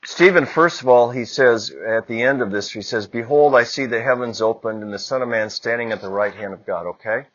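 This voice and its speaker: A man's voice: mid-range voice, brisk, few pauses, a bit bright. Priest guy preaching a homily, mid voice, kinda muffled lo-fi recording. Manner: conversational preaching with rising emphasis. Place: church.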